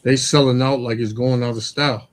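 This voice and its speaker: A man of middle pitch talks in loose, casual slang. He backs up his co-hosts with constant affirmations and moralizes about worldly corruption in a preachy way. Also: fairly even intonation, a little fast. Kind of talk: casual religious chat.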